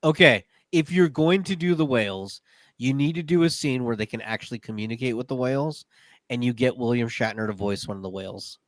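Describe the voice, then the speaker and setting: A man's voice: mid-range voice, brisk, no echo, clean studio sound. Man co-hosting a joking podcast chat. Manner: chatty, jokey, agreeable. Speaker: podcast co-host. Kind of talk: casual chat.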